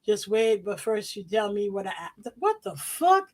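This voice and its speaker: A woman reading out her own emails on a podcast in a profane, animated way, laughing often. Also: medium pitch, measured pace.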